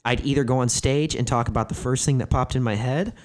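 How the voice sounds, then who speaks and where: A man's voice: medium pitch, fairly even intonation, quick pace, darkish tone. A man in his thirties, a comedian, telling candid stories in conversation, rambling and leaning hard on "like", with frequent swearing. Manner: rambling, filler-heavy "like" phrasing, profane. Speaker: comedian guest.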